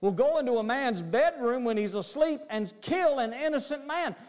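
A man's voice: extremely high pitch, lively intonation, moderate pace, darkish tone, big-room sound, voice pushed up. A man voicing a stern, righteous old-testament king who rebukes with indignant emphasis.

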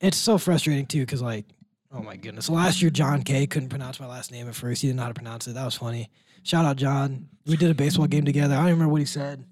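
A man's voice: mid-range voice, steady tone, quick pace, darkish tone, dry recording, clean studio sound. A young man chatting casually as a student sports broadcaster, rambling and ranting with a laugh.

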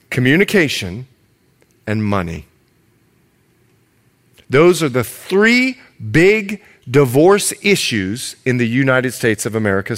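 A male pastor delivers a sermon with dramatic, animated storytelling. His voice sits high and swings widely in pitch. He emphasizes points with energy.

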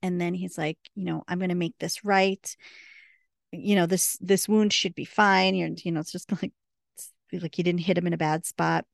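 In a casual recap on a podcast she co-hosts, a woman retells scenes complete with quoted lines. Her fairly low voice has vocal fry, fairly even intonation and a moderate pace, in dry, studio-quality audio.

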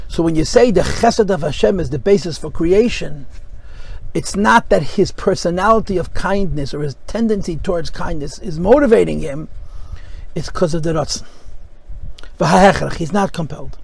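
A man's voice: high-pitched, gravelly, rough recording. A man teaching a Chassidic discourse class, explaining texts with rhetorical questions and many Hebrew terms. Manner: explanatory, mixes Hebrew and Yiddish terms with English. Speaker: Torah teacher.

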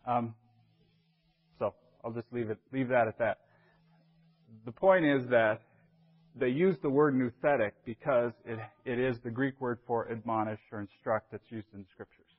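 A man leads a Bible class as an elder, talking in a relaxed, conversational way and often pausing to check that his listeners follow. His voice sits at an ordinary middle pitch. The recording sounds somewhat dull and lo-fi. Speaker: church elder teaching a class.

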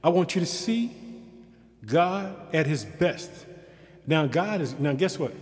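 A man preaching a sermon with fervent energy, building phrase on phrase and pushing his voice up into near-shouted pleas. His voice sits at an average pitch for a man. A long reverb trails after his words. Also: moderate pace. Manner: speaks in short repeated phrases.

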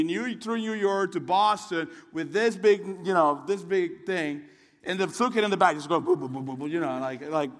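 A fairly high-voiced young man preaches a sermon, telling a story in a chatty, rambling way. His voice rings out with the long reverb of a big hall. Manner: conversational and storytelling, with restarts and asides.

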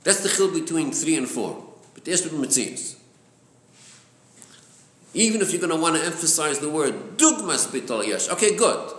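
Lively male teacher, high-ish voice, repeats himself as he explains, recorded in a roomy space. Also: normal speed, long pauses. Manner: lively, repeats words, mixes Hebrew and Yiddish terms into English. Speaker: Torah class teacher. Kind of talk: Chassidic text class, explaining to students. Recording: echoey room.

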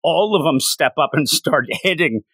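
A man casually recapping a comic book issue and acting out the characters' lines in livelier, higher voices. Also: lively intonation, normal speed, fairly bright tone, breathy edge, dry recording. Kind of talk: casual recap with acted-out quotes.

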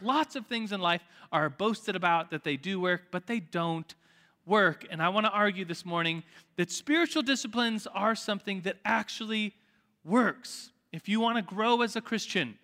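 Man, middle-aged, casual animated sermon, bright tense tone, church hall with a long echo. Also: fairly high pitch. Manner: casual, animated storytelling with rising exclamations. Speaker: Sunday school teacher.

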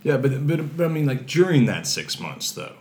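A man hosting a casual podcast interview, playful and quick to joke and laugh. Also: medium pitch, very animated, darkish tone. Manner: playful, jokey, laughs often. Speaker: podcast host.

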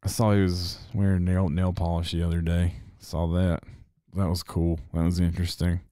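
A man's voice: low-pitched, completely flat delivery, normal speed, mellow, dry recording, studio quality. A young man hosting a podcast, talking in a loose, rambling, profane way with frequent laughter. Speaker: podcast host. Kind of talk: casual chat.

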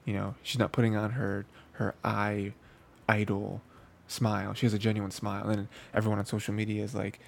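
Guy rambling about anime, low-ish gravelly voice, lots of "you know" and restarts. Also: completely flat delivery, a little fast. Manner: rambling, filler-heavy, frequent restarts. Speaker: anime review host. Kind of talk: casual spoken review.

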